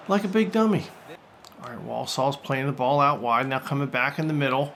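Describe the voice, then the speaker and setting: A man commentating on his own football video game like a jokey sportscaster, getting loud and excited during attacks and saves. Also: medium pitch, normal speed, noisy background. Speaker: gaming YouTuber. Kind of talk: let's-play commentary.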